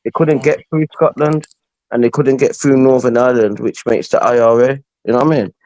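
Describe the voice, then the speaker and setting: A man's voice: mid-range voice, fairly even intonation, fairly quick, a little mellow, no room sound, low-quality recording. A man, hosting a heated casual debate, arguing hard and leaning on slang like innit. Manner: argumentative, slangy, keeps saying innit. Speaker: host. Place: call room.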